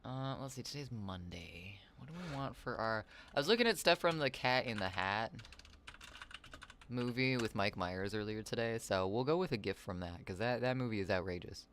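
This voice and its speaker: A man's voice: fairly low pitch, expressive, normal speed, fairly bright tone, a little hiss or hum. A man rambling on a casual livestream from home, reading chat messages aloud into a desk microphone, his voice slightly raw. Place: home, with cats nearby.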